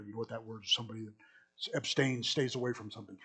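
A man preaching a sermon, stressing key words loudly, dropping to quiet asides, and calling his listeners folks. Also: lowish voice, fairly even intonation, very fast, husky. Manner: emphatic, swinging between loud stresses and quiet asides.

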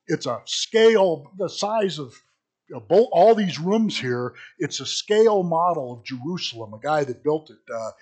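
A middle-aged man gives a sermon in a loose, conversational manner, wandering off on asides and restarting phrases as he goes. His voice is somewhat husky and sits a little high for a man. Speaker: pastor.

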